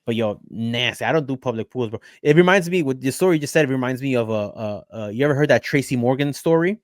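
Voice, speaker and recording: A man's voice: medium pitch, animated, fast talker, no room sound, clean studio sound. A man co-hosting a podcast, chatting casually and often repeating words as he starts a thought. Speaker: podcast co-host.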